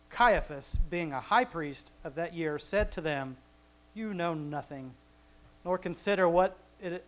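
A man reading scripture aloud and explaining it in a relaxed, conversational teaching style, with chuckling asides and frequent restarts. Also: a little high, rough recording. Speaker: Bible teacher. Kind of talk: casual Bible study teaching.

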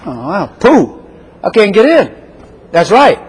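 A man preaching a lively sermon with a slightly high, husky voice. He acts out quick back-and-forth exchanges and jumps up in pitch for the other voices. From Chicago. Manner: animated, acts out little dialogues in raised voice.

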